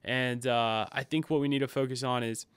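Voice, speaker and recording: A young man co-hosting a casual sports chat, excitable and rambling, with frequent restarts. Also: medium pitch, normal speed, clean tone, no room sound. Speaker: podcast co-host.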